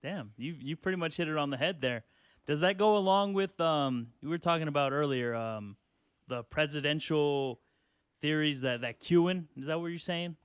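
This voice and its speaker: A young man in casual podcast chat, halting and repeating words as he thinks. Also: on the high side, clear, resonant tone, dry recording.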